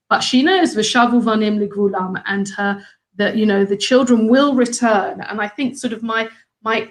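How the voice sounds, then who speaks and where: A woman's voice: on the high side, poor audio. A middle-aged woman, a former head teacher, talking earnestly and thoughtfully about a Torah story that means a lot to her, with many fillers and restarts. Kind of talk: personal reflective talk on a Torah story.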